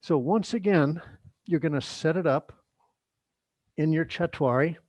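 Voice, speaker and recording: A middle-aged man leading a yoga workshop, giving instructions in a relaxed, chatty way with joking asides. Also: a little high, measured pace, dry recording, muffled recording. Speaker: yoga teacher.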